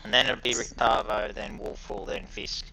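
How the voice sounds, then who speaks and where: A man running an online tabletop game as game master, talking haltingly with many fillers. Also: mid-range voice, expressive, vocal fry, pushed and bright, rough recording.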